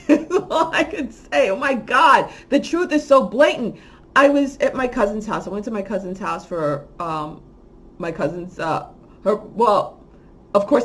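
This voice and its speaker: A woman talking in a casual monologue as host of a spiritual channel, rambling with many restarts, moving from quiet musing to loud, heated ranting. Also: mid-range voice, breathy edge. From lives in Miami. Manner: rambling with frequent restarts and fillers.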